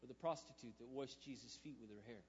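A male pastor telling a story in a sermon, moving from quiet, intimate storytelling to loud, emphatic preaching. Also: mid-range voice, fast talker, a little hiss or hum. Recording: muffled sound with long hall reverb.

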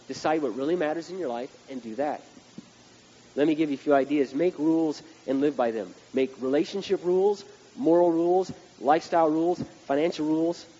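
A male preacher giving a blunt, emphatic sermon that rises to loud outbursts. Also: a little high, husky. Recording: dull recording with background hiss.

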